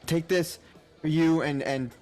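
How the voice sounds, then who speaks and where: A man's voice: fairly high pitch, steady tone, measured pace, darkish tone, soft background music, lightly acted. A man voicing a male adventurer who thanks a guard effusively. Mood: grateful.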